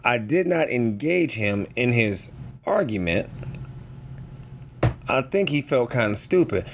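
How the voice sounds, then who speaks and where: A man hosting a casual motivational podcast, talking in a joking, animated way and acting out the people in his stories. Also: fairly high pitch, a little hiss or hum. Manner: joking, animated storytelling with quoted voices. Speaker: podcast host.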